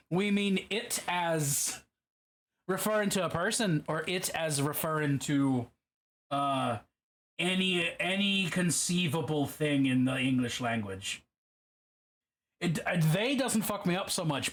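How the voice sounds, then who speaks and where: A man hosts a miniature-painting livestream in a deliberately put-on Irish accent. His voice sits a little high for a man. He chats loosely and swears freely as he answers viewers. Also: a bit bright. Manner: chatty and profane, reading and answering chat. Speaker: livestream host. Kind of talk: casual chat while miniature painting on a livestream.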